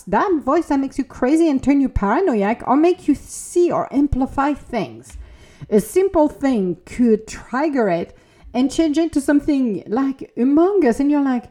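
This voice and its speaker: A woman hosting her own podcast, giving a reflective self-help talk in an expressive, conversational way. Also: high voice, normal speed. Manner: expressive, conversational, acts out inner voices. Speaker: podcast host.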